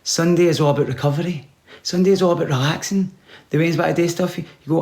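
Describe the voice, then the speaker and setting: Guy doing a rambly deadpan comedy bit, voice a bit high. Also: fast. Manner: rambling, deadpan advice with dropped whispers. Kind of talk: comic monologue.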